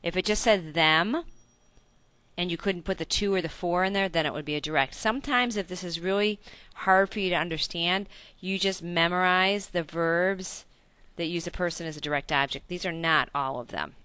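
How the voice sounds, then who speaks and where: A woman's voice: fairly low pitch, normal speed, bright, forceful tone, clean tone, no echo. A woman teaching a recorded Spanish grammar lesson in English, explaining step by step, checking in with questions and correcting her own slips.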